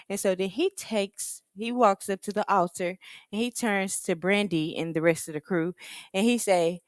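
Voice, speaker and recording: A woman recapping a reality TV episode, acting out the cast in quick put-on voices. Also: mid-range voice, darkish tone, dry recording. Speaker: reaction show host.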